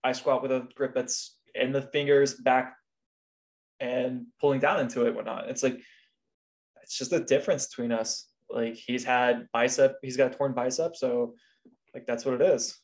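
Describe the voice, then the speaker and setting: A man's voice: mid-range voice, fairly even intonation, normal speed, darkish tone. Easygoing man with a mid-range voice. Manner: easygoing, storytelling. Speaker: podcast co-host. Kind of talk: casual podcast chat.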